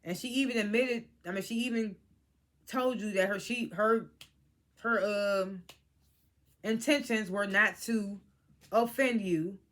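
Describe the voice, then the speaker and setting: Vlogger reviewing a tv episode, talks blunt and lively, drops curse words, voice sits in the middle. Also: medium pitch, unhurried, long pauses. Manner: animated, blunt, swears freely, quotes cast members. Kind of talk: casual spoken episode review.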